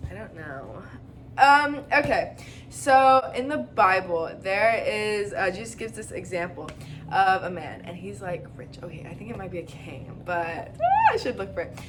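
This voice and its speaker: A woman's voice: mid-range voice, very animated, unhurried, a bit bright. Young woman on a podcast, rambly and giggly, lots of likes and ums, faint hiss behind her. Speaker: podcast co-host. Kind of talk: casual faith chat. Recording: faint background noise.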